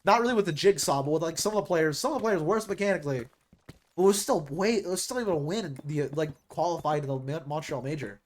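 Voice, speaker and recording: A man's voice: on the high side, quick pace. A young man streaming, chatting casually and rambling about esports rosters, restarting his sentences often.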